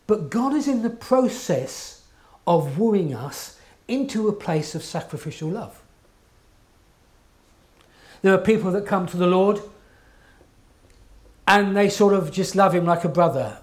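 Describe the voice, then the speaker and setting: A man's voice: high-pitched, darkish tone. A man preaching a sermon in an earnest, emphatic way, often checking in with his listeners.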